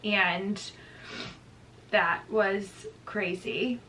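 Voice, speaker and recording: A woman's voice: mid-range voice, fairly even intonation, drawn-out words, sharp tone, distant mic, a little hiss or hum, rough recording. A young pregnant woman chatting casually in a vlog update, reading from her notes with lots of "like". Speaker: vlogger.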